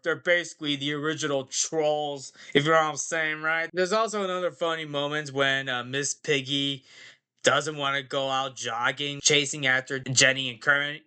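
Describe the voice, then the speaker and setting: A man's voice: a little high, fairly even intonation, normal speed, sharp tone, smooth. A man giving a casual, rambling movie review vlog, full of fillers and tag questions.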